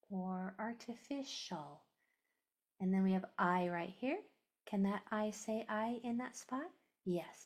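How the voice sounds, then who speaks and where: A woman's voice: medium pitch, a little mellow. A woman teaching a phonics lesson to a class, sounding out letters and syllables, often dropping to a whisper.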